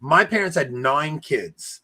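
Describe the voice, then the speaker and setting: A young man, a podcast co-host, talking loudly and animatedly in a rambling casual chat. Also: a little high, takes it slowly, husky. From New York area. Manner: animated, loud, rambling storyteller.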